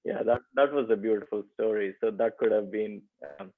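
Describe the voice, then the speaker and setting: Low-voiced man on a tinny phone line. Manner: hesitant, many "uh" pauses. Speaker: class participant. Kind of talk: casual sharing.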